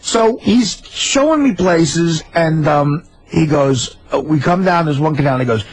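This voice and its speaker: A man telling a comic story on a radio talk show, animated and excitable. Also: fairly high pitch, measured pace, few pauses, slightly rough, no room sound, rough recording.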